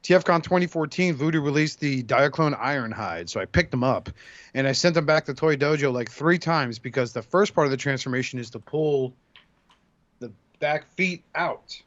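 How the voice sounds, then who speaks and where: A man's voice: a little high, expressive, normal speed, fairly bright tone, lo-fi sound. A man co-hosting a podcast, talking bluntly and swearing often in casual chat. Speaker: podcast co-host. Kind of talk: casual profane chat about toys.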